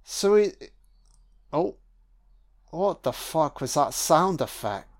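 A man's voice: on the high side, big pitch swings, takes it slowly. A man giving a casual film commentary, sweary, sarcastic and mocking.

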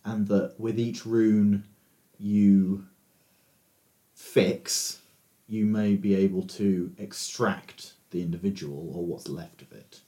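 A man acting as game master, calmly narrating and making rulings in a tabletop game. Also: on the low side, slow pace.

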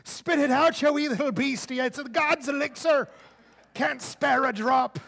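A man putting on a voice for an excited Irish pub drinker in a joke. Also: measured pace, gravelly, heavily acted. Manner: high-pitched, loud, theatrical.

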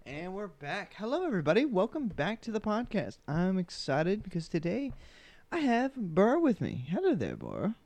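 Lively laughing young male podcast host. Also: sits high, moderate pace, no room sound. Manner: rambling, laughs often, restarts sentences. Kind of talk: casual podcast chat.

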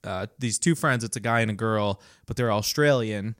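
A man's voice: lowish voice, moderate pace, a bit bright, no echo, studio quality. A man co-hosting a podcast in casual chat, talking hesitantly with many fillers and restarts. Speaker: podcast co-host.

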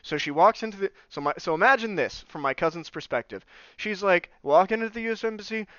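Young guy podcasting, swears a lot, bright clear voice, bit lo-fi and dry. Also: high-pitched, fairly quick, dry recording. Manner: animated, swearing, acts out quoted voices. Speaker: podcast host. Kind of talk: casual storytelling. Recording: slightly dull lo-fi sound.

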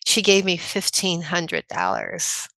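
A woman in her sixties from the American Midwest, a chiropractor telling personal stories in a casual interview, chatty and quick to laugh. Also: lowish voice, huge pitch swings, gravelly, bright, forceful tone, dry recording. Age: 60s. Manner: chatty, anecdotal, laughs often. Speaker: podcast guest, chiropractor.

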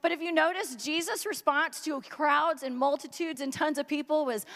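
Woman preacher, high voice, chatty comic sermon delivery, echoey hall. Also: normal speed, a bit bright. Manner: chatty and joking, many filler words. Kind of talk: humorous casual sermon.

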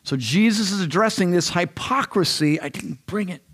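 A man's voice: sits high, expressive, normal speed, a bit bright, slightly rough. A man preaching a sermon in a church, conversational and rambling, often restarting his sentences. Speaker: pastor. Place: church sanctuary.

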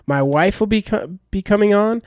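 A man co-hosting a casual podcast, talking in a relaxed, rambling way with plenty of fillers. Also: high-pitched, normal speed, dry recording, clean studio sound. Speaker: podcast co-host.

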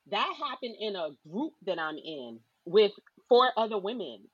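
A woman hosting a panel discussion, asking lively follow-up questions. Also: mid-range voice, unhurried, a crowd in the background. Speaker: host. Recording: dull, dry lo-fi sound.

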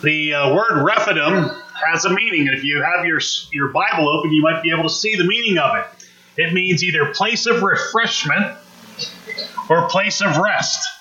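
A male pastor speaks in a slightly high, bright, forceful voice. He preaches in a conversational way, acting out people's lines and putting questions to the congregation. The sound is roomy, with a clear echo off the walls. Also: moderate pace, muffled recording. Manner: conversational, acts out quotes, asks the congregation questions. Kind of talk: sermon.

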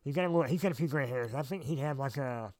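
A man co-hosting a casual podcast chat, relaxed and trailing off with fillers as he thinks. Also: mid-range voice, quick pace, no echo. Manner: laid-back, trails off with fillers. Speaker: podcast co-host.

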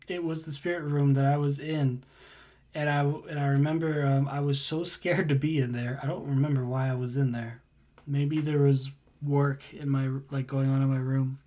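A young man in casual chat, recalling an old memory in a relaxed, reflective way. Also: medium pitch, normal speed.

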